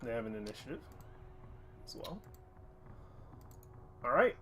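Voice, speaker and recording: A man's voice: mid-range voice, sing-song, unhurried, bright, forceful tone, slight background noise. A man narrating as game master of a tabletop game, describing scenes with frequent fillers. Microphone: headset or desk mic on a stream.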